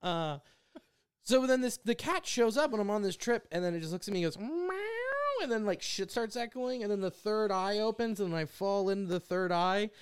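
A man's voice: sits high, fairly quick, clear, resonant tone. A man, a stand-up comedian guest, telling a story in casual, profane podcast chat and acting out other people's lines.

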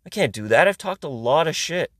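A man's voice: fairly high pitch, lively intonation, fairly quick, fairly bright tone, no echo. Ranting sarcastic man from Iran, dry sound. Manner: ranting, sarcastic, heavy swearing. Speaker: podcast host. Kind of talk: casual comedic monologue.

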